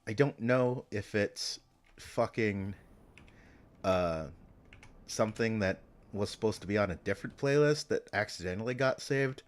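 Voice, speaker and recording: A man with a fairly low voice rambles on a live stream. He thinks out loud, drops casual swear words and keeps circling back and restarting his sentences. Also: unhurried. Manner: meandering, swears often, trails off and restarts.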